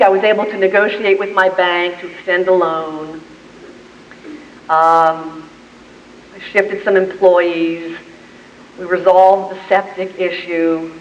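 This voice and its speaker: A woman's voice: fairly low pitch, a little hiss or hum. A woman business owner giving an inspirational speech, a vivid storyteller who acts out scenes, heard from afar in an echoey meeting room. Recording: echoey hall, far from mic, dull.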